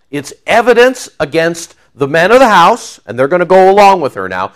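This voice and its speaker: Guy preaching through a bible chapter, reads the verse then chats about it, pitch jumps around a lot. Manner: reads scripture aloud then explains it conversationally, many fillers.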